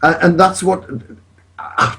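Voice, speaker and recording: A man's voice: sits high, very animated, slow pace, creaky, bright, forceful tone. A man on a podcast, talking in an indignant, emphatic way and swearing freely. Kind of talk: casual chat.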